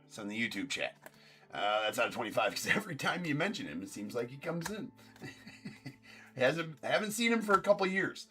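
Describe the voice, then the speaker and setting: A man's voice: medium pitch, bright, forceful tone. A man hosting a live card break stream, calling out pulled cards and bantering with viewers in chat.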